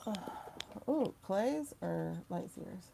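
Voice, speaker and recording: A woman hosting a casual livestream tarot reading, chatty and animated, with sudden mocking asides to her viewers. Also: medium pitch, slow pace, vocal fry, slight background noise. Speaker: tarot reader and livestream host.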